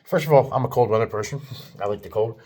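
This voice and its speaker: A man's voice: mid-range voice, fast, darkish tone. A man from South Jersey with a South Jersey accent, rambling to camera in a casual vlog, chuckling often and restarting sentences. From South Jersey, United States. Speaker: vlogger.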